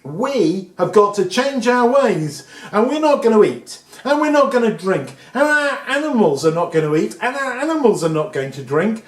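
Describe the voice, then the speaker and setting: A man's voice: high-pitched, sing-song, normal speed, hardly any pauses, voice pushed up. A man voicing an earnest, apologetic king of an ancient city, recorded in an echoey room. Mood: remorseful.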